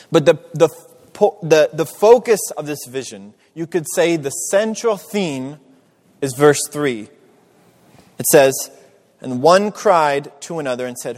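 A man preaching a sermon, slow and emphatic, repeating his key words for stress. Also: a little high, darkish tone, big-room sound.

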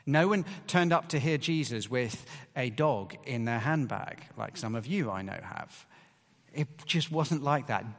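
A male preacher delivers a sermon in a chatty, down-to-earth voice of middling pitch, pressing hard on key words. His voice trails into a long hall reverb. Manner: conversational, emphatic, with rising bursts of stress.

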